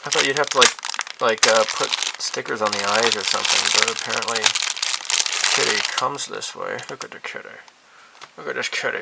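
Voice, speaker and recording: Slow, gravelly man rambling. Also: mid-range voice, noisy background. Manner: rambling, hesitant, many fillers. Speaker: hobby channel host. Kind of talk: casual monthly update vlog. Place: cluttered room at home.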